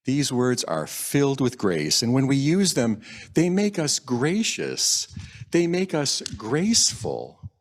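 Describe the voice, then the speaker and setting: Man, minister, sermon, slow delivery, animated pitch, gentle reflective tone. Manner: slow, gentle and reflective, lingering on quoted phrases. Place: church sanctuary.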